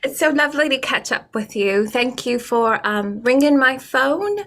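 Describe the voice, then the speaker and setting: A woman's voice: sits high, animated, moderate pace, fairly bright tone. A woman playing an overly sweet, politely gushing woman, over a video call.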